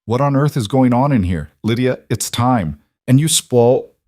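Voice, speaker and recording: A man's voice: deep voice, unhurried, no room sound, studio quality. Man putting on a stern older lady, snappy and disgusted, bossing everyone. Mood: outraged. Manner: sharp, scolding. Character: bossy older woman, stern and scandalized.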